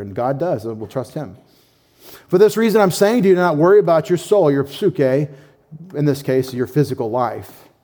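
A man's voice: on the high side, warm tone. A middle-aged man preaching an emphatic Bible-teaching sermon, asking his listeners questions and acting out short imagined replies. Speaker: pastor teaching scripture.

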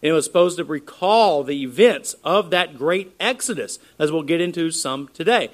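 A man's voice: on the high side, expressive, normal speed. A man preaching an earnest expository sermon, explaining scripture and posing rhetorical questions to his congregation. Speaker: pastor.

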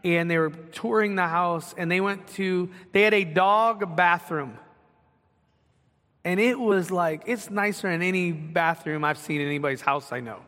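A man's voice: high voice, normal speed, sharp tone. A man preaching a sermon in an emphatic way, asking rhetorical questions. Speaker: pastor. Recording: long hall reverb.

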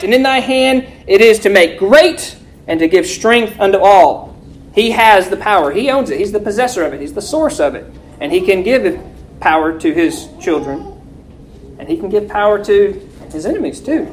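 A woman teaching a Bible lesson, reading scripture slowly and forcefully and quizzing her listeners with rhetorical questions. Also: mid-range voice, expressive, poor audio.

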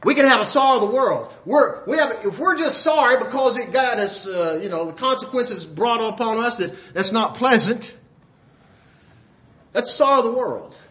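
A male preacher delivers a sermon in a high voice with a bright, forceful edge. His talk is folksy and full of rhetorical questions to the listeners. He stops often to clear his throat. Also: expressive, moderate pace.

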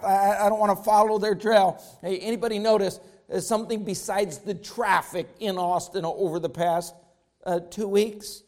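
Male preacher, high-pitched, emphatic sermon delivery with repetition. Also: fairly even intonation, normal speed, darkish tone. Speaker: pastor.

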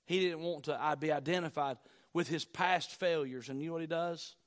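A man preaching a sermon, repeating key phrases and moving between loud declarations and hushed, low lines. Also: a little fast. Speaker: pastor.

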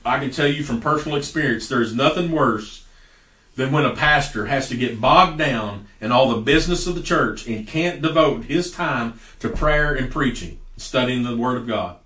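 A middle-aged pastor preaches a sermon in a folksy, emphatic way, his voice swelling in sudden loud bursts before dropping back. His pitch sits in the middle range for a man. He is heard from some distance in an echoey church room. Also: moderate pace.

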